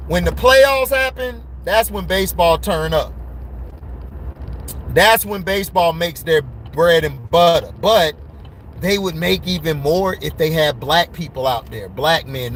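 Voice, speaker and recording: A man giving a casual, blunt sports commentary rant, excitable and laughing often between his points. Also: high voice, measured pace, slight background noise, low-quality recording.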